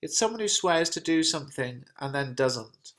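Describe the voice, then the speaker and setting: A man voicing a grieving, sharp-tongued noble mother in his own plain, unhurried reading voice. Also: on the high side, expressive. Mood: wry. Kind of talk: reading a play translation aloud.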